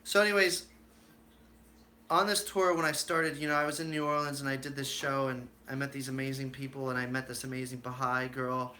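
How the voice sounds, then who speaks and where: A man's voice: mid-range voice, flat delivery, a little fast, pushed and bright, slight background noise. A man hosting his own live stream, chatting casually and telling stories with plenty of fillers and acted-out quotes.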